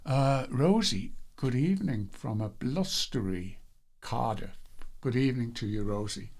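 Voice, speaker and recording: On a live devotional stream, a man chats casually with viewers, greets them one by one, and rambles a bit with filler words. His voice is medium-pitched and animated, with a measured pace and a darkish tone.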